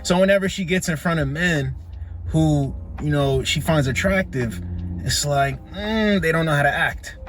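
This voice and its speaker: A man's voice: a little high, moderate pace, a bit bright, soft background music. Blunt man delivering reaction commentary. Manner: blunt, preachy, repeats points for emphasis.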